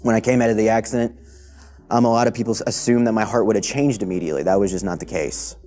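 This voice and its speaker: A man's voice: fairly even intonation, fast, dark tone, faint music behind. A young man giving a candid, reflective personal testimony. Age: young adult. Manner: reflective, candid, low-key. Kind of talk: testimony interview.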